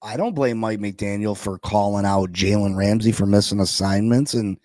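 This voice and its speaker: A man's voice: on the low side, moderate pace, dry recording, clean studio sound. Man ranting incredulously about sports. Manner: animated, incredulous, repeats lines for emphasis. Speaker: sports podcast host. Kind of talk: heated sports talk.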